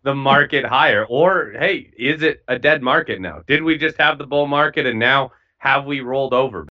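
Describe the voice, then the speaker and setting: A man's voice: medium pitch, moderate pace. A man interviewing on a casual podcast, plainspoken and laughing easily. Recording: dull lo-fi audio.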